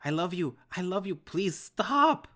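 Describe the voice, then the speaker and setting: A man voicing a young male animal-person who pleads with his father, shrill and hoarse, sobbing. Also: sing-song, measured pace, bright, forceful tone, full character voice. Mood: desperate pleading.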